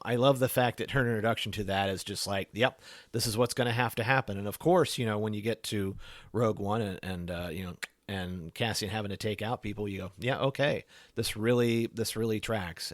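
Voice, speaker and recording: A man's voice: on the low side, no room sound. A man hosting a podcast in casual chat, talking in loose, rambling sentences full of "you know" fillers. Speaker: podcast host.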